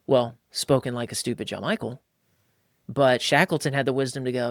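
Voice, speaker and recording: Emphatic, animated male podcast host. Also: brisk, no echo, clean studio sound. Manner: emphatic and animated, acting out quotes in a higher voice. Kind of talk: casual podcast talk on faith and marriage.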